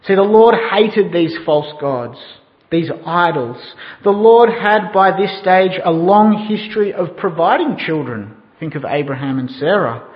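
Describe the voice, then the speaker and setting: High-voiced preacher in an echoing hall. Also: male voice, expressive, measured pace. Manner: asks the listeners questions. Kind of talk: sermon with storytelling. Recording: dull sound in a reverberant hall.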